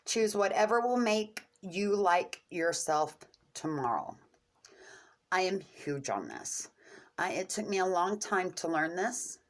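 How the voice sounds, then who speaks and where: A middle-aged woman talking candidly and earnestly to her viewers, openly emotional, in short halting phrases. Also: on the low side, sing-song. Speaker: vlogger sharing coping skills. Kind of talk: candid personal talk to camera.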